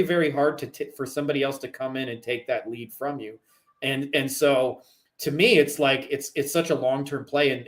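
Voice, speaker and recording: Canadian-born guy chatting about marketing, middle-aged, says "like" constantly. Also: medium pitch. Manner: rambling, heavy on "like" fillers. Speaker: guest, digital marketer. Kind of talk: casual chat.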